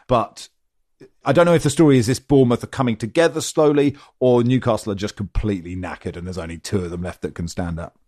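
A man's voice: on the low side, fast, dry recording, clean studio sound. Wry man hosting football chat. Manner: wry, teasing, lively questions. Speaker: podcast host.

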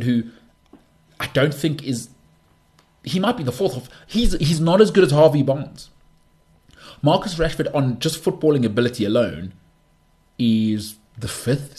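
A man's voice: mid-range voice, a little mellow. A man hosting a sports talk show, ranting emphatically and with exasperation, repeating words for stress. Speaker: podcast host. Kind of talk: solo sports talk rant.

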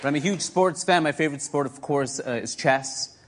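A man doing a deadpan stand-up comedy set, recorded live in a club. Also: a little high, fairly quick, a loud crowd, very noisy, close to an everyday voice. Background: audience laughter.

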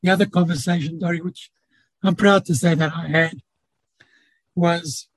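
Man, interview guest, earnest gentle advice, dry close sound, high pitch. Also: steady tone, moderate pace, pauses often, husky, dry recording, poor audio. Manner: earnest, gently advising, uses homely examples. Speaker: guest speaker on relationships. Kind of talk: reflective conversational advice.

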